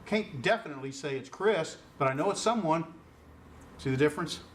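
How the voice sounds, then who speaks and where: A man teaches a Greek class in a relaxed lecture style, explaining informally with lots of fillers and questions for his students. His voice is on the high side, expressive, and a bit fast, picked up by a distant mic with faint noise.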